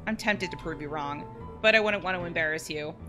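A woman's voice: fairly low pitch, a little fast, music in the background, lightly acted. A woman voicing a cocky, teasing boy sidekick in a story game. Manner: boastful and teasing.

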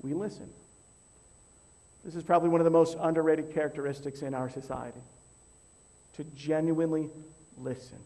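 A man preaching as a pastor, teaching in a measured, emphatic way and counting off numbered points. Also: fairly high pitch, fairly even intonation, dark tone. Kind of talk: teaching sermon.

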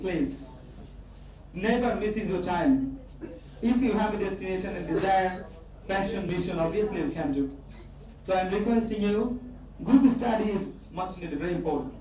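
A man's voice: high voice, brisk, pauses often, warm tone. A man from Bangladesh with a Bangladeshi accent, giving a motivational speech to students and repeating his key phrases for emphasis. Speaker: guest speaker addressing students. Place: large echoey university hall. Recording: echoey hall, distant mic, faint background noise.

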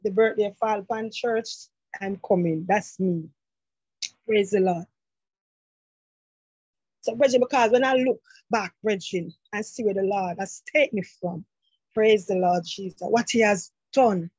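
A woman's voice: medium pitch, measured pace, pauses often, darkish tone, breathy edge, no echo, highs cut off. A middle-aged woman exhorting a congregation, fervent and fond of repeating "praise the Lord" and "brethren.". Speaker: church member giving a testimony. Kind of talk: church exhortation. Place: church sanctuary.

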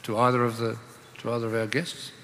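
An Australian man with a bright, clear-toned voice chairs a literary panel, telling stories in a relaxed, easygoing way. The sound comes through a long hall reverb. A faint room hum sits underneath. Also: mid-range voice, quick pace. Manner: easygoing anecdotal storyteller. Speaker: panel moderator. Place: conference hall.

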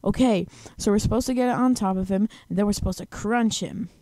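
A young woman hosting a gaming channel, giving excitable let's-play commentary with bursts of repeated words. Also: medium pitch, quick pace, no room sound, studio quality.

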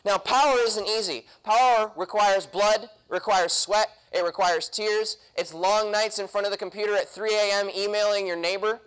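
A man's voice: sits high, fairly even intonation, normal speed, hardly any pauses, fairly bright tone, clear, resonant tone, low-quality recording. A young man speaking at a political convention, punchy and quizzing the audience with questions. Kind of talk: political talk to a live audience. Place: convention hall.

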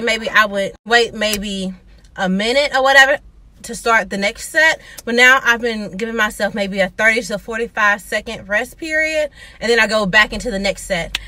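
A young woman talking casually to her viewers in a vlog, chatty and quick to laugh, calling them y'all. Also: medium pitch, pushed and bright. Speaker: vlogger.

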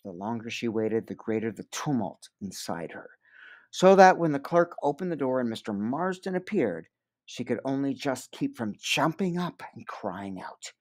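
A man's voice: mid-range voice, moderate pace. A man reading a novel aloud in storybook narration. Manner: expressive, varied delivery. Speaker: audiobook reader.

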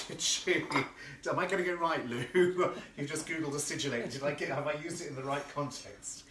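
A man's voice: on the high side, fairly even intonation, moderate pace, echoey room, distant mic, noisy background. A man hosting a live cooking stream from his home kitchen, chatty and effusive, reading out viewer comments as he works. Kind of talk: casual live cooking demo. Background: clinking cutlery and dishes.

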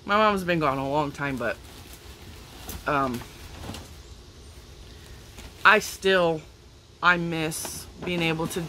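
A woman's voice: lowish voice, a bit bright, a little hiss or hum, rough recording. A woman crafting vlogger chatting casually and emotionally in a back yard, laughing often and getting teary. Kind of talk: casual chat.

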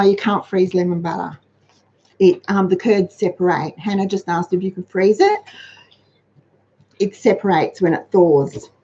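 Middle-aged aussie woman chatting live about saving money, mellow voice, kinda dull lo-fi sound. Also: medium pitch. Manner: chatty, practical, reads out viewer comments. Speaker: host of a money-saving livestream. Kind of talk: casual live chat with viewers.

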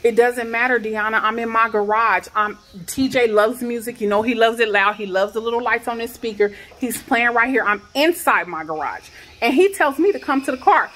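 A woman in her thirties telling an upset personal story in a vlog from her garage, her voice rising into pained, near-shouted questions. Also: a little high, normal speed. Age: 30s. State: shaken. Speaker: vlogger.

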